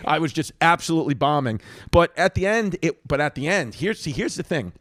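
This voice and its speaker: A man's voice: fairly high pitch, lively intonation, a little fast, fairly bright tone, dry recording, studio quality. A man telling a rambling, self-mocking story as a comedian on a podcast. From New York. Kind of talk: casual storytelling.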